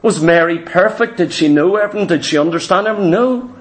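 High-pitched emphatic male preacher. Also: fast talker. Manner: emphatic, repetitive preaching with rhetorical questions. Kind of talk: sermon. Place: church hall. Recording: roomy echo.

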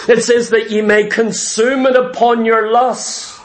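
High-pitched man preaching emphatically. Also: level tone, a little slow. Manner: repetitive, emphatic preaching with rhetorical questions. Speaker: pastor. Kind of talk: sermon. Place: church meeting room.

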